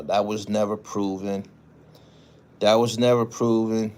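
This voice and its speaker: A man's voice: fairly low pitch, level tone, normal speed, a little mellow. A man hosting his own show, reading news stories aloud and then giving casual, profane commentary while answering viewers' chat. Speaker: show host.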